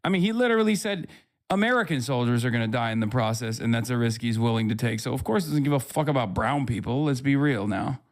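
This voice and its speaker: A man's voice: mid-range voice, quick pace. A man live-streaming, talking back to his chat in a sarcastic, profane, rambling way. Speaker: livestreamer.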